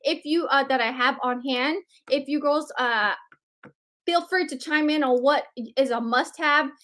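A woman's voice: high-pitched, a little slow, a bit bright. A woman hosting a live sales stream, greeting viewers by name in a bubbly, chatty way.

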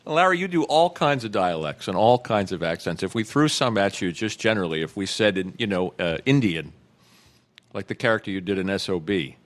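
A man's voice: lowish voice, lively intonation, fairly quick. A man hosting a podcast, casually prompting his guest with requests. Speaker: podcast host. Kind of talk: casual interview.

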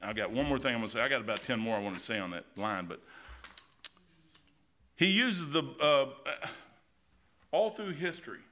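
Folksy American pastor, middle-aged, bright and forward voice, casual animated sermon. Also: male voice, medium pitch, moderate pace, pauses often, slight background noise. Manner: folksy and animated, keeps saying "man", tells anecdotes. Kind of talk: informal verse-by-verse sermon. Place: church sanctuary.

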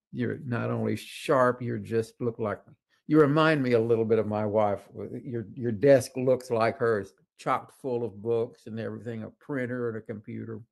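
A man lecturing a class in a loose, rambling way, stopping and restarting his sentences. His voice sits at a middle pitch with a gravelly, crackly texture. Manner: rambling storyteller with frequent "uh" and restarts. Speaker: college government professor. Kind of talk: casual, anecdotal lecture.

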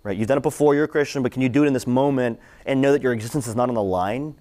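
A man's voice: medium pitch, racing, mellow. A man giving a casual, conversational sermon to students. He repeats his questions for emphasis and adds "right?" and "like" along the way. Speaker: campus ministry speaker.

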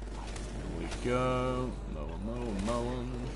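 A man's voice: mid-range voice, slow, creaky, noisy background. A young British man streaming a zombie game, chatting to viewers and yelping and cursing at the game. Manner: excitable, yelps and shouts at the game, chats to viewers. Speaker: livestreamer. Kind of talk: casual gaming livestream commentary.

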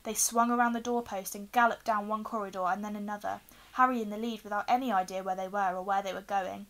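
Bright-voiced woman reading a story aloud. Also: mid-range voice, fast, low-quality recording. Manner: expressive storytelling, lively quoted voices. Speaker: reader. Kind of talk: reading a children's novel aloud.

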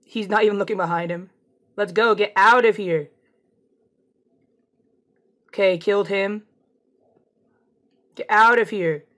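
A woman giving casual, excitable commentary over her own shooter gameplay, taunting opponents as she plays. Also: mid-range voice, measured pace, pauses often. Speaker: gameplay streamer.

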